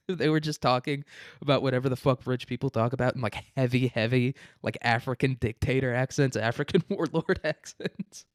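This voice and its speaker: A man's voice: mid-range voice, a little fast, no echo. Crude rambling young man, dry close mic. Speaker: host. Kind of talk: profane comedic news commentary.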